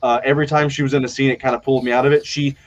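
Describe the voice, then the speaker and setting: A man's voice: mid-range voice, little pitch movement, dull audio. Blunt, profane man hosting a chat. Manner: blunt, profane, fast opinionated riffing. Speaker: podcast host. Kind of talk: casual live panel chat.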